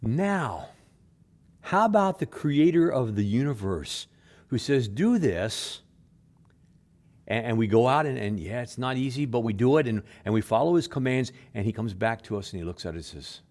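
A male pastor preaching a sermon, moving between loud emphatic lines and quiet low asides, often repeating words and acting out quoted speech softly. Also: expressive, normal speed.

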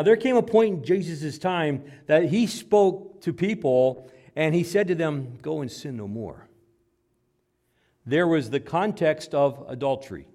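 A man, a father, preaching a sermon. He swings between loud, emphatic lines and quiet, low asides. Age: adult father. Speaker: pastor.

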